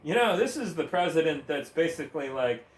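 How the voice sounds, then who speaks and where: A man's voice: fairly high pitch, big pitch swings, a little fast. Profane ranting man in a roomy echo. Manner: profane, heated, sarcastic, breaks into laughs. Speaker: gaming streamer. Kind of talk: ranting commentary while gaming. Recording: roomy echo, faint ambience.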